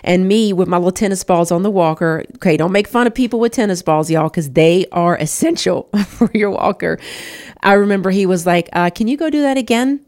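A woman with a lowish voice tells her own story of loss and faith. She talks straight to her listeners, earnest and emotional, and calls them "y'all.". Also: fairly quick, darkish tone. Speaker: show host. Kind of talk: personal testimony.

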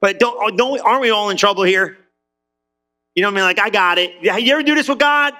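A man's voice: sits high, fast talker, sharp tone, soft background music. A man preaching a sermon as pastor, talking casually to his congregation and acting out quotes in different voices.

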